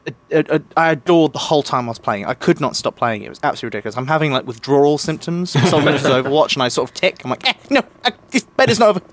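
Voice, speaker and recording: A man's voice: mid-range voice, fast talker. A young man chatting as a podcast guest, gushing with enthusiasm and tripping over his restarts. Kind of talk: casual podcast chat.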